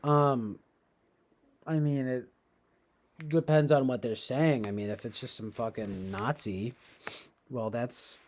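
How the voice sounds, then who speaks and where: A man hosting a casual livestream, responding to chat in a rambling, halting way with many restarts and occasional chuckles. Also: mid-range voice, darkish tone. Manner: chuckles often while talking. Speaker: livestream host reading chat.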